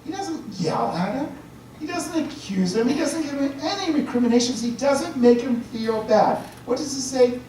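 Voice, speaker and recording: A man's voice: very high voice, expressive, moderate pace, dark tone. A priest giving a chatty lecture, often checking in with his listeners. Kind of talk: conversational lecture. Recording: very echoey room, distant mic, faint hiss.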